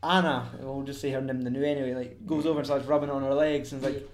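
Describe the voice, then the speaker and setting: A man's voice: mid-range voice, steady tone. Sweary guy chatting, echoey room. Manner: sweary, laughing, quick quoting of film scenes. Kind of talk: casual chat.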